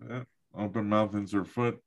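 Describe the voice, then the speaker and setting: A man's voice: on the low side, fairly even intonation, normal speed. A man hosting a casual podcast chat, loose and profane, reading out news items between banter. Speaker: podcast host.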